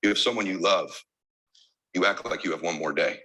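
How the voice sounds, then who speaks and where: A man's voice: deep voice, brisk, pushed and bright, low-quality recording. A man giving an emotional keynote speech as a motivational speaker, emphatic and driven by insistent repetition.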